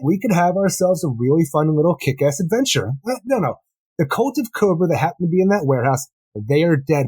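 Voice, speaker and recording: A man's voice: a little high, a little mellow, breathy edge. A man co-hosting a comics podcast in casual review chat, eagerly summarizing and often laughing. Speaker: podcast co-host.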